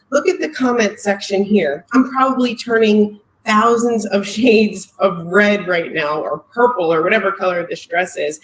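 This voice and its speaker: A woman's voice: mid-range voice, roomy sound, slight background noise, low-quality recording. A woman, a company marketing executive, giving a heartfelt, emotional live presentation on a video call, close to tears.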